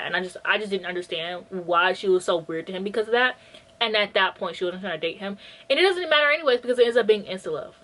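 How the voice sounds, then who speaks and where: A book vlogger with a medium-pitched, slightly bright voice chats casually about books she read. She retells plots bluntly, with lots of filler words and mock quotes of the characters. The audio is poor.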